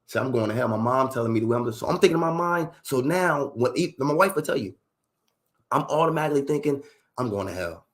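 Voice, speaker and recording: A man's voice: mid-range voice, expressive, fast talker. A middle-aged man in a candid storytelling talk, emphatic and profane, full of street slang and asking "you see what I'm saying".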